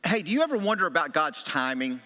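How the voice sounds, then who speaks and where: Bright-voiced pastor preaching in a hall. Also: male voice, a little high, fast talker. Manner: animated storytelling, acts out quotes with a raised voice or a whisper. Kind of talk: sermon. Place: church sanctuary. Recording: long hall reverb.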